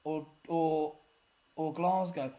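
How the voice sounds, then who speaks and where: This gaming YouTuber speaks slowly in a mellow, level voice on the high side. As he plays a geography guessing game, he keeps up a casual, self-deprecating running commentary and often grumbles in exasperation.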